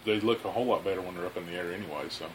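A podcast co-host with a Southern US accent, trading dry, deadpan quips in casual chat. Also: deep voice, rapid-fire, slight background noise, low-quality recording.

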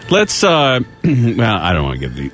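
A man's voice: lowish voice, huge pitch swings, moderate pace, a bit bright, faint music behind. A man hosting a call-in radio talk show, joking loosely and laughing often. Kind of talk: casual call-in radio banter.

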